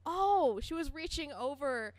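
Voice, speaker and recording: A woman's voice: mid-range voice, a little slow, fairly bright tone. A young woman co-hosting a casual fan podcast, giggly and hesitant, often restarting her sentences. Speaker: podcast co-host.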